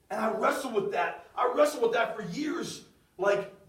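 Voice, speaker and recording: Middle-aged man, high-pitched testimony voice, off-mic in a reverberant room; dramatic shifts between shouting and hushed narration. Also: lively intonation, moderate pace, vocal fry, far from the mic. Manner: storytelling, swings from loud outbursts to hushed near-whispers. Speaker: speaker sharing a personal testimony. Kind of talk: testimony talk.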